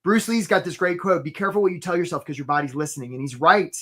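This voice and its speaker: A man's voice: on the high side, quick pace, sharp tone. A man giving a motivational career coaching talk in a live webinar, often checking in with "right?". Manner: motivational, peppers lines with "right?".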